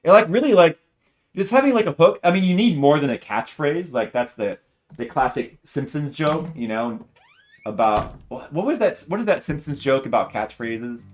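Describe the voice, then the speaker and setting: Rambling, excitable male game streamer. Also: on the high side, normal speed. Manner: rambling, enthusiastic, many fillers and restarts. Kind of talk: casual commentary while playing.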